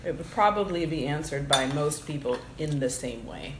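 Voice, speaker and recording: Woman with a low voice, steady and reasoned, recorded in an echoey room with clear clatter of dishes behind her. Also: moderate pace, background noise. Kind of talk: casual debate.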